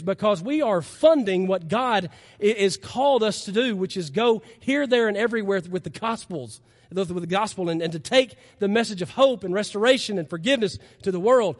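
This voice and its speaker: A man's voice: sits high, lively intonation, moderate pace, long reverb tail. A man preaching a sermon as pastor, earnest and emphatic, his voice rising in impassioned stretches, recorded in a church sanctuary.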